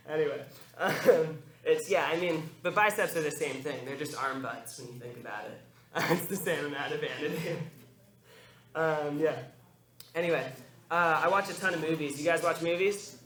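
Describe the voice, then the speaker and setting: A man's voice: on the high side, normal speed, a crowd in the background. Young man rambling through stand-up. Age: young adult. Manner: rambling, full of ums, chuckling at his own jokes. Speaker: stand-up comedian. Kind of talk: stand-up comedy. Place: college open mic. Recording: echoey room with music behind.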